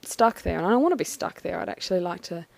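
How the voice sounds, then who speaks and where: A woman talking through a personal experience in a thoughtful, halting, measured way. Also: fairly low pitch, expressive, vocal fry, a little mellow, dry recording. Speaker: vlogger. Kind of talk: personal reflective monologue.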